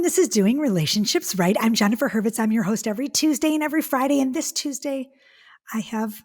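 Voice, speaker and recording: A woman hosts a podcast with a slightly husky, breathy voice. She gushes and talks excitably, restarting her sentences as she goes, in a casual chat. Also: a little high, a little fast. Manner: gushing, excitable, restarts often. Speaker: podcast host.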